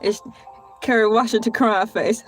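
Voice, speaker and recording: A woman vlogger with a raised voice speaks slowly and talks straight to her viewers. She reads aloud and breaks off into playful, theatrical jokes and laughter. Faint music plays behind her. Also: a little high, steady tone. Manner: colloquial, addresses viewers as y'all. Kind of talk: casual solo vlog, reading aloud and joking.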